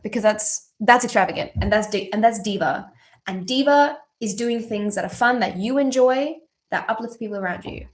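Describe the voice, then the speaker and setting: A young Australian woman hosting a birthday livestream, chatting casually, rambling with lots of ums and casual swearing while she reads viewer questions. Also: a little high.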